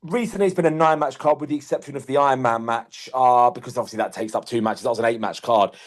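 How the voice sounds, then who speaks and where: A man's voice: medium pitch, fast talker. Man, podcast co-host, casual chat, sweary, emphatic.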